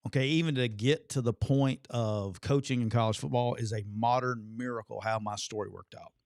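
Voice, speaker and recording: A man who co-hosts a radio call-in show and once coached college football, speaking in an earnest, reflective way with pauses. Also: medium pitch, darkish tone, dry recording, studio quality. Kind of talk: casual radio call-in chat.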